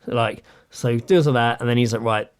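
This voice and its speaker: A man's voice: mid-range voice, brisk, clear, resonant tone. Guy telling a story on a podcast, casual, acts out the quotes, swears a lot. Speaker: podcast co-host.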